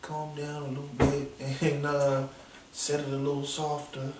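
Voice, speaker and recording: A man mimicking a soft-spoken young male rapper who urges calm, with a hesitant, mumbly delivery full of fillers. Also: on the high side, normal speed, reverberant, recorded from a distance, heavy background noise, lightly acted. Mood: mocking.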